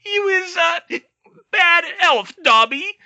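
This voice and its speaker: A man reading an audiobook and voicing a drunk, tearful little female house-elf with a squeaky, slurring voice. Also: animated, slow, bright, forceful tone, full character voice. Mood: sobbing scolding.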